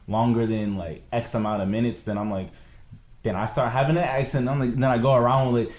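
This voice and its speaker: A young man in casual podcast chat, animated and packing his talk with "bro" and "like". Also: mid-range voice, fairly quick. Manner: animated, filler-heavy, says "bro" and "like" constantly. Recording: echoey room.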